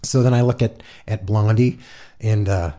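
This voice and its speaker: A man's voice: on the low side, steady tone, moderate pace, warm tone. A middle-aged man, a guest musician from Montana, telling a chatty anecdote in a casual interview and acting out what other people said. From Montana, USA. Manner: chatty, acts out others' quotes with voices. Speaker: guest musician, guitar player.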